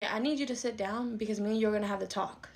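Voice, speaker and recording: A woman's voice: mid-range voice, fairly even intonation, fast talker, lightly acted. A woman playing a bossy middle-aged mother who dotes on her son and scolds her daughter in a comedy skit. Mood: lecturing. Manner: scolding, dismissive, indignant. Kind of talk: skit role-play.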